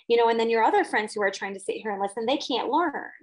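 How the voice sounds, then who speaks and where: A woman's voice: fairly high pitch, fast, poor audio. A middle-aged woman, a teacher and guest, talking in an earnest, reflective way with frequent restarts in casual conversation.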